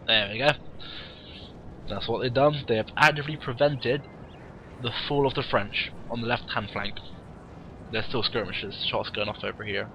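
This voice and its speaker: A man with a cold, casually commentating a game replay in a warm room at home with wry, rambling asides. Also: medium pitch, fairly even intonation, moderate pace, creaky, pauses often, muffled recording, slight background noise. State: has a cold, sniffly.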